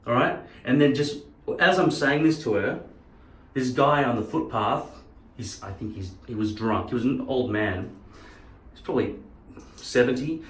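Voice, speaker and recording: A man's voice: mid-range voice, normal speed. A man ranting in a casual monologue, a profane and heated storyteller. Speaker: channel host. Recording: roomy, distant mic.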